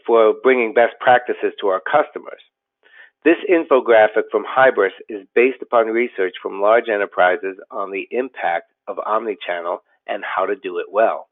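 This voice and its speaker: A man, a company president, giving a scripted business webinar in a steady, explanatory way with occasional fillers and restarts. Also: fairly low pitch. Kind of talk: scripted webinar presentation over slides. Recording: tinny phone-like audio.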